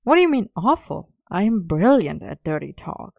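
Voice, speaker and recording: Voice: medium pitch, animated, a little slow, smooth, no echo, muffled recording, voice pushed up, natural voice. A narrator voicing a playful, teasing young man in a story reading, with a smug, sing-song way of talking. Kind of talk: audiobook reading of a romance story.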